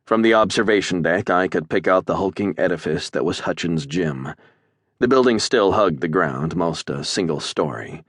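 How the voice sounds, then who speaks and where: A man narrating an audiobook in the first person, measured and even, on a close studio mic. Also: low voice, no echo.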